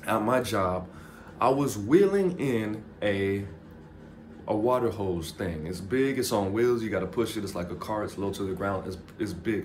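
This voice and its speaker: Low-voiced man in an animated vlog rant. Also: slight background noise. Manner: animated, swearing, jokey and self-mocking. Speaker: vlogger. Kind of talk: casual motivational monologue.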